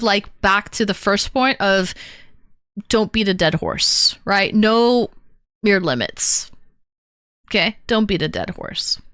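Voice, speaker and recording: A woman's voice: medium pitch, pushed and bright, no room sound, studio quality. A woman hosting a call-in livestream, chatting casually, laughing often and greeting viewers. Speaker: streamer host of a call-in show.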